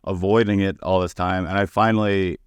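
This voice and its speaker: A man with a low, smooth and resonant voice tells stories on a podcast as a comedian guest. He is candid and foul-mouthed and acts out the people in his anecdotes. The sound is dry and close. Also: fairly even intonation, brisk, dry recording. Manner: candid, profane, acting out quoted people. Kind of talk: casual podcast storytelling.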